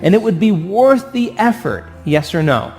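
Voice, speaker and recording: Gravelly man giving an animated talk. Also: high-pitched, normal speed, faint music behind. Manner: animated, asks the audience for agreement, acts out voices. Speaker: speaker. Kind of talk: motivational talk to an audience.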